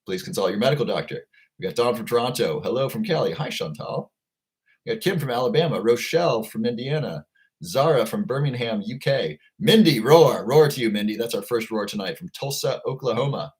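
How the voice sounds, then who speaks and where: A man's voice: medium pitch, animated, a little fast. A man hosting a casual livestream, upbeat and chatty, greeting viewers by name as they come into the chat. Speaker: livestream host.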